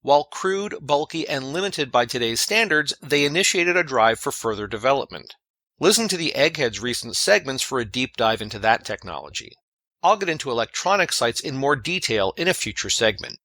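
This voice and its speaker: Bright-voiced man reading a scripted segment. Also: mid-range voice, sing-song, no echo. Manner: measured, read from a script. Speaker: segment contributor.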